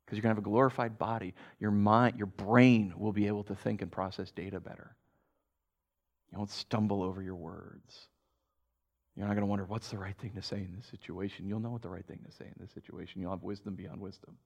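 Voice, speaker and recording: A man's voice: lowish voice, fairly even intonation, brisk, highs cut off. A man, a pastor, giving a casual, conversational sermon to a congregation. He chuckles often and keeps checking in with "right?".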